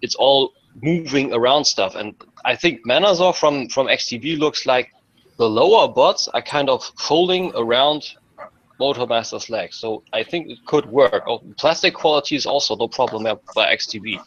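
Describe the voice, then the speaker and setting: Man, casual chat, deliberate explainer, repetitive phrasing, mid pitch. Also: animated, fairly bright tone, highs cut off. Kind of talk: casual chat among toy collectors.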